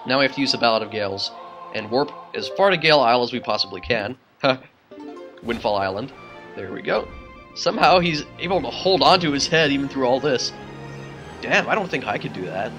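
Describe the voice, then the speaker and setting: A man hosting a video game let's play, with rambling, excitable commentary and frequent laughter. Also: mid-range voice, moderate pace, faint music behind, low-quality recording. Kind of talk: casual gameplay commentary.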